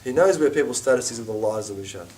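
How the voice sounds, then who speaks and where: A middle-aged man teaching an informal religious class, chatty and animated, with asides and mock quotes. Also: medium pitch, racing, recorded from a distance.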